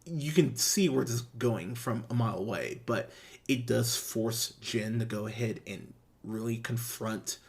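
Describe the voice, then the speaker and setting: Brief: young male podcast host, mid-range voice, excitable and profane in casual chat. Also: medium pitch, a little slow, vocal fry. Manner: enthusiastic, profane, full of restarts and fillers.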